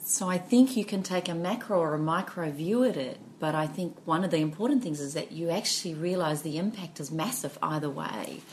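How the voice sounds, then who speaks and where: A woman co-hosting a podcast, talking in a thoughtful, animated way. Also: low-pitched, brisk, hardly any pauses, a little hiss or hum. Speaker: podcast co-host. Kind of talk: casual reflective chat.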